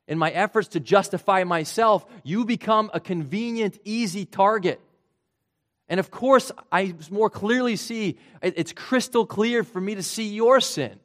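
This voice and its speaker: A man preaching a sermon in an earnest way, his voice rising for emphasis and then dropping low and quiet. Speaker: pastor.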